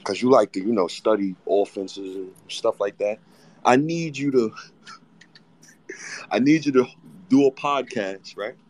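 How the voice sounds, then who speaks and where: A man in a heated sports chat, excitable and teasing. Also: fairly low pitch. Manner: excitable, teasing, quick bursts.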